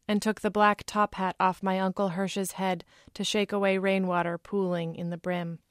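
Brief: woman author, measured literary reading, middle pitch, dry close-mic sound. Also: dry recording. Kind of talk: reading aloud from her novel.

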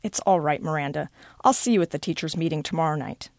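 A woman's voice: sits low, fast talker, a little mellow, no room sound, clean studio sound, voice pushed down. A woman reading the part of a friendly woman priest with an easygoing manner.

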